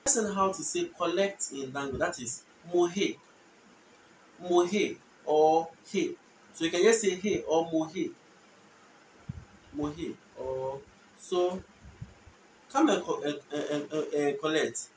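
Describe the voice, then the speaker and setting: High-voiced man teaching phrases, echoey room. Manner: repeats phrases slowly for learners. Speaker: language teacher. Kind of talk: casual spoken language lesson. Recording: echoey room, distant mic, faint noise.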